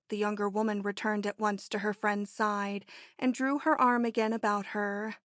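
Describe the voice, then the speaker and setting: A woman's medium-pitched voice carries this audiobook, a piece of scripted narration told in an even, measured storytelling tone. The studio-quality audio has no room sound.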